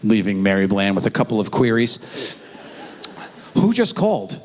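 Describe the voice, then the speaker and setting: A male stand-up comedian on stage, telling stories in a lively voice that swings widely in pitch. His handheld mic carries a long hall echo through a large theatre. Faint ambient room noise sits underneath. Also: moderate pace. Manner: animated storytelling, acting out characters. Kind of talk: live stand-up performance. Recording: live theatre with long reverb.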